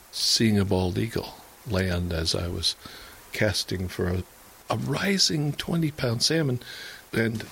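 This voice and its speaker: Gravelly deep older American man. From United States. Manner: halting, with fillers and restarts. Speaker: interviewee, author. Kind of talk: emotional personal reminiscence.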